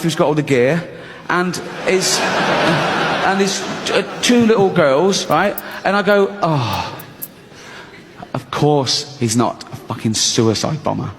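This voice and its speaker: Male comic, higher-pitched voice, animated storytelling, live in a reverberant venue. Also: a little hiss or hum. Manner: animated, acts out inner voices in shifting pitches. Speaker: stand-up comedian. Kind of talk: stand-up routine. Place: comedy stage. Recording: large hall with audience laughter.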